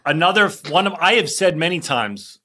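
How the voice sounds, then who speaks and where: Man podcast host, bright higher voice, eager and chatty. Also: lively intonation, fairly quick. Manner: eager, talks over others, repeats himself. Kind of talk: casual chat.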